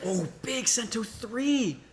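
A woman giving excitable play-by-play commentary on a fighting game tournament, joking between plays. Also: fairly high pitch. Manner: quick, excitable play-by-play with jokes.

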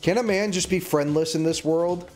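Streamer, man in his twenties, high voice, agitated rambling rant, soft music bed. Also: moderate pace. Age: 20s. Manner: rambling, agitated ranting with many restarts. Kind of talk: casual live-stream chat.

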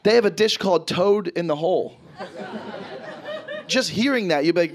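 A man performing a stand-up comedy set, telling stories animatedly and swearing freely, his voice jumping high and loud when he acts panicked. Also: moderate pace, long pauses, some chatter behind. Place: stage in front of a live audience. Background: audience laughter.

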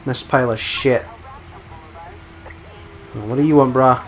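A young man giving casual let's-play commentary, muttering and swearing at the screen, with sudden loud bursts when he wins. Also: medium pitch, fairly even intonation, slow pace. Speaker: gameplay commentator.

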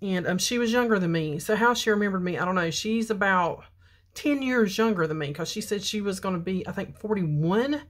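A beauty vlogger in her 50s chats and tells a story while doing her makeup. She talks briskly in a mid-range voice with lively intonation.

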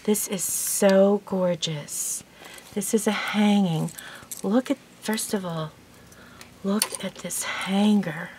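A woman's voice: medium pitch, fairly even intonation, takes it slowly, darkish tone, a little hiss or hum. Chatty sixty-something woman vlogging at home; rambling, giggly storyteller with a middle-range voice. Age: 60s. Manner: chatty and rambling, laughs often. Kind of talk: casual storytelling and gift unboxing.

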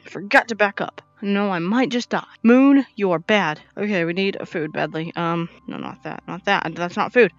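A male gaming YouTuber giving casual, jokey commentary while playing, talking to himself with sudden loud outbursts. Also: high-pitched, expressive, normal speed, hardly any pauses, no room sound, faint music behind. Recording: dull lo-fi recording.

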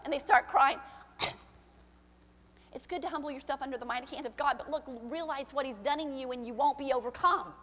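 High-voiced woman pastor preaching in a hall. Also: fairly quick. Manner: preaching with swings from soft to shouted, acting out quoted voices. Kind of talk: sermon. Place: church sanctuary. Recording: church hall with long reverb.

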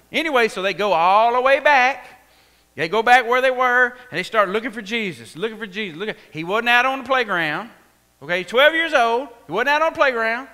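A Texan man preaches a sermon, acting out the story with animated delivery. His voice sits high and leaps up and down with a bright edge. The sound carries a long church-hall reverb. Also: moderate pace. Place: church sanctuary.

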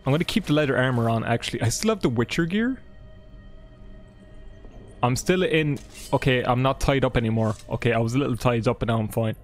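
A male streamer in a mid-pitched voice rambles through live gameplay commentary, chatty and loose, swearing and joking with his chat. Game music plays faintly underneath. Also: fairly quick, pauses often.

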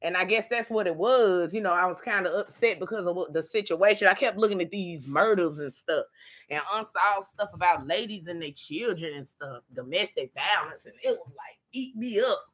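A woman's voice: on the low side, moderate pace, fairly bright tone, husky. A middle-aged woman, chatting casually and laughing often with viewers on a live stream while she is tired.

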